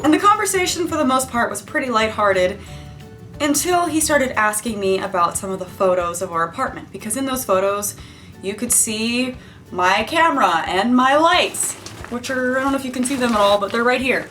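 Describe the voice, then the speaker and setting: A woman's voice: on the high side, expressive, fairly quick, sharp tone, soft background music. Wry, chatty young woman vlogger. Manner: chatty, wry, self-mocking. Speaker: YouTuber. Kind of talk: storytelling vlog. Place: home room with camera lights.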